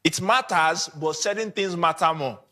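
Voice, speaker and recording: A Nigerian man speaks at a conference for photographers, his high voice bright and forceful. He's animated, moves at a moderate pace, and acts out little examples as he goes.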